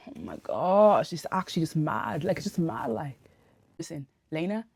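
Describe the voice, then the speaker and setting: A woman giving a casual spoken TV review into a phone camera, ranting in an animated, exasperated way full of slang. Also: sits low, fairly quick, breathy edge, no echo, clean studio sound. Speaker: TV review vlogger. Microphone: phone camera held close.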